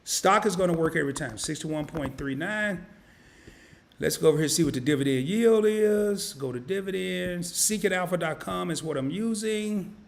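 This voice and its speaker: A man's voice: sits high, normal speed, creaky, slight background noise. A man hosting an investing live stream, casually walking viewers through calculations on screen, thinking aloud and correcting himself as he clicks. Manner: casual and folksy, talks to viewers as y'all. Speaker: investing channel host.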